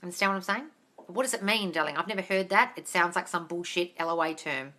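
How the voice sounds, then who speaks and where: A woman hosting a live question-and-answer stream as a manifestation coach, blunt and brisk, swearing freely and sounding exasperated. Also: fairly low pitch, sharp tone.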